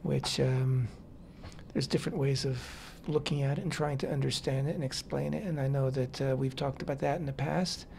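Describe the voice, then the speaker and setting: A man co-hosting a Torah discussion on talk radio, speaking in a measured, hesitant way with frequent fillers. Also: mid-range voice, steady tone, creaky, a little mellow, a little hiss or hum. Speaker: radio co-host.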